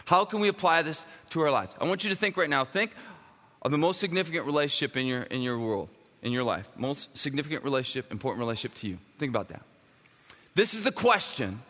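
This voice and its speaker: A man preaching a sermon as a pastor, emphatic and animated, swinging from loud bursts to quiet, intimate lines. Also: a little high, fast. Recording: long reverb of a large hall.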